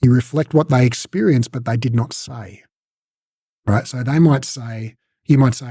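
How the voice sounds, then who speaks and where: A man's voice: medium pitch, moderate pace, long pauses, dark tone, slightly rough, dry recording, clean studio sound. A man teaching a casual recorded lesson, talking conversationally and acting out short coach and client exchanges. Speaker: instructor.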